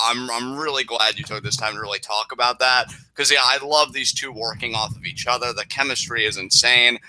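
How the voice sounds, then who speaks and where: A young man co-hosting a casual wrestling review chat, excitable and swearing freely, now and then bursting into shouts. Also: mid-range voice, no echo, low-quality recording. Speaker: podcast co-host.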